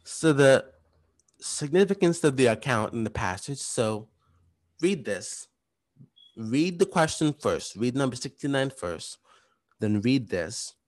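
A man walking through study questions in a fast, rambling, casual way, with lots of restarts. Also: medium pitch, big pitch swings. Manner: chatty, retells stories in slangy voices. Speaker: teacher. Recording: voice message.

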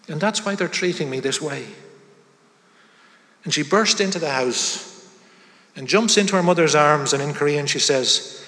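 A man preaching a sermon, telling a story dramatically and shifting between loud passages and hushed ones. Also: on the high side, moderate pace. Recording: long hall reverb.

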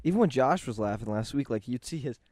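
A man's voice: mid-range voice, animated, fast, a little mellow, no echo. A man co-hosting a podcast in an easygoing way, laughing often. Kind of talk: casual chat.

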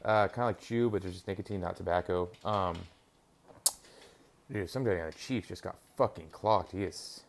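A man's voice: low voice, normal speed, slight background noise. A young man chatting casually on his own, rambling and swearing while he reacts to a football game on TV. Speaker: podcast host. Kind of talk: casual solo chat.

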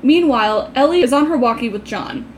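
A woman's voice: high-pitched, animated, slight background noise. Casual woman recapping a film plot. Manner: reads plot summary in a brisk recap, swears casually. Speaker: podcast co-host recapping a film. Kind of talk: casual chat.

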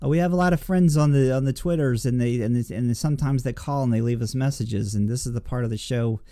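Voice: medium pitch, fast, warm tone. A podcast host in casual chat, loose and rambling, swearing often.

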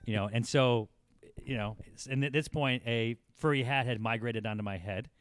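A man's voice: medium pitch, normal speed, dry recording, studio quality. A man, around forty, telling a long anecdote in casual talk, rambling and laughing as it builds. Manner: rambling, laughing, animated when telling the story. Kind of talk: casual storytelling.

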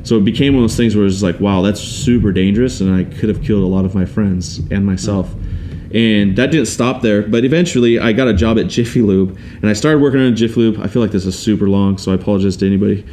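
A man's voice: on the low side, fast talker, warm tone, a little hiss or hum. A young man telling his life story on a podcast in a casual, rambling way, with many restarts and quoted voices.

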